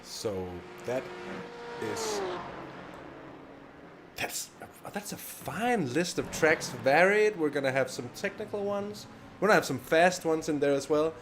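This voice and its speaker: A man doing live sim racing co-commentary, measured and hesitant, with many fillers. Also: a little high, expressive, background noise.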